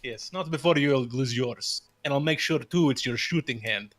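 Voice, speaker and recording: A man's voice: medium pitch, normal speed, fairly bright tone, natural voice. A man voicing a brash, touchy townsman in a tabletop game, speaking in a blustering, sarcastic way.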